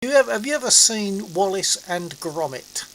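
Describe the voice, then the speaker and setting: A man's voice: high-pitched, lively intonation, moderate pace, fairly bright tone, low-quality recording. A man in his seventies, chatting casually and rambling with livestream viewers from his home sim setup. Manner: rambling, chuckling, self-mocking. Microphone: desk mic.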